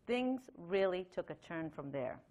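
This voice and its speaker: Speaking a little slowly in a fairly low, slightly mellow voice, a middle-aged woman gives an expressive Sunday talk at a temple. She is conversational and chatty, with many fillers and light laughs, and reads a long letter aloud.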